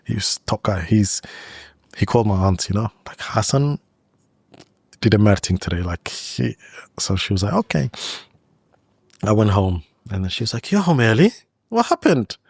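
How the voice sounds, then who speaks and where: A man with a fairly low voice tells a personal story in a relaxed interview chat. He talks loosely, leaning on "like" and "you know" as he goes. The sound is close and dry, with no room echo. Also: moderate pace, gravelly, husky. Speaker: guest. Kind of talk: casual storytelling in a podcast interview.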